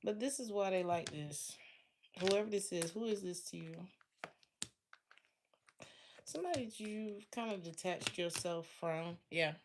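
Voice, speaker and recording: A woman's voice: mid-range voice, normal speed, background noise. A woman giving a casual tarot reading to her viewers, chatty and laughing often, talking straight to her listeners. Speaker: tarot reader.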